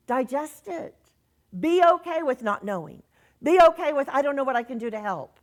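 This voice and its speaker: A woman's voice: on the high side, animated, normal speed. Earnest woman minister preaching. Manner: earnest, reads messages aloud, repeats phrases softly. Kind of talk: sermon.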